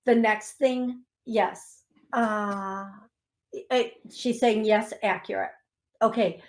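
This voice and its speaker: A woman hosting a call-in radio show as a psychic medium, speaking slowly and gently, sometimes getting emotional and reading listeners' messages aloud. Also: on the high side, fairly even intonation. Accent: Upper Midwest American.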